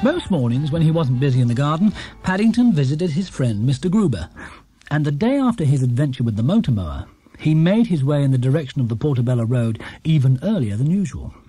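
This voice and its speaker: Storybook narrator, male, mellow and slightly husky, expressive. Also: a little high, a little fast, dry recording, faint music behind. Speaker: audiobook narrator.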